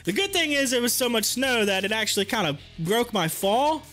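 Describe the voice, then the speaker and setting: A man with a very high, bright voice tells a story to his livestream chat. He talks casually, breaks into laughter often and acts out what his friends said. Faint music plays behind him. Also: a little fast. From rural area. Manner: animated, laughing often, acting out quotes. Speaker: livestream host.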